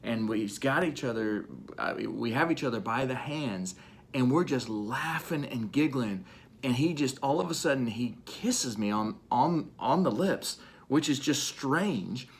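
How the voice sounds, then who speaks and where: Man, mid-pitched, recounting a spiritual encounter in a casual, vivid storytelling vlog. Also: lively intonation, unhurried, a little hiss or hum. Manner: vivid first-person storytelling. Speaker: church vlogger. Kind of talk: casual faith testimony.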